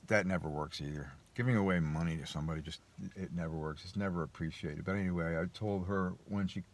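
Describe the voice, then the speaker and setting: A man telling a personal story in a casual monologue, rambling and hesitant with many restarts. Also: sits low. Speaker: vlogger.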